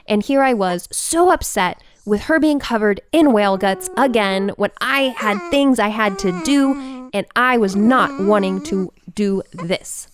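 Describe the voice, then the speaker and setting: A woman podcast host telling a personal story in an animated, vivid way into a close microphone. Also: on the high side.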